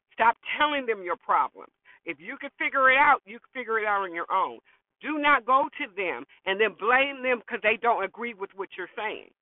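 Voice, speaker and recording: A woman's voice: on the high side, dry recording. Blunt middle-aged woman host, tinny phone sound. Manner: blunt, preachy, repeats for emphasis. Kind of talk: motivational monologue. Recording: dry, phone-like lo-fi audio.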